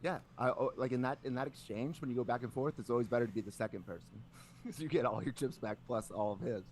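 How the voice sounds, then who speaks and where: A man's voice: medium pitch, fast, darkish tone, a little hiss or hum. A man co-hosting a podcast, telling a long story in casual chat, rambling with many filler words and frequent swearing. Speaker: podcast co-host.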